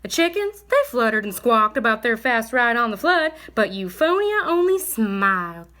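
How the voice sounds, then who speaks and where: Bright, lively woman reading a bedtime story. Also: fairly high pitch, moderate pace. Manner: gentle, expressive read-aloud.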